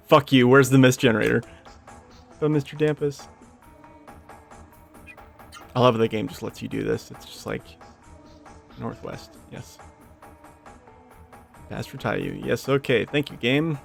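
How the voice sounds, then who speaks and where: A man talks through a game in a casual, unhurried way, his voice carrying a gravelly edge. He swears freely and is quick to rant at the characters on screen. Faint game music sits behind him. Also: medium pitch. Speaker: let's play gamer. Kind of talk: casual gameplay commentary. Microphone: desk microphone.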